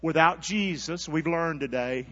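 A man's voice: on the high side, unhurried. Folksy preacher man on a humming lo-fi recording. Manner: call-and-response, coaxing the congregation to repeat along; swings between hushed, intimate asides and loud, rising calls. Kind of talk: sermon. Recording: dull lo-fi recording with mains hum.

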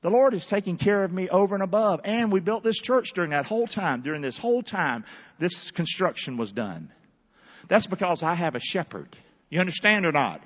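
A man preaching a lively sermon with call-and-response, swinging between hushed asides and loud shouts. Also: high-pitched, brisk, long reverb tail, dull audio. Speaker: pastor. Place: large church hall.

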